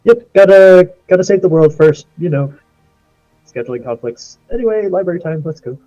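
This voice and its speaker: A man's voice: high-pitched, moderate pace, warm tone, soft background music. A man playing a tabletop game, joking and offhand. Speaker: player. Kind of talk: casual tabletop play. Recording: dull dry lo-fi recording.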